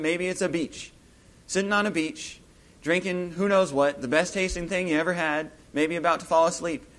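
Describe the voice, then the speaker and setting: Reflective man retelling a Bible story. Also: a little high. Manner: reflective, musing aloud, lively when retelling scenes. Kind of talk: informal Bible storytelling talk.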